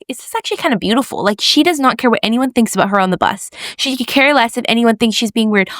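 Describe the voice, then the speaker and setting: A woman's voice: on the high side, dry recording. A young woman co-hosting a casual faith podcast, telling a story with lots of "like" and acting out the voices of the people in it. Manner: animated storyteller, acts out quoted voices, lots of "like". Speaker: podcast co-host.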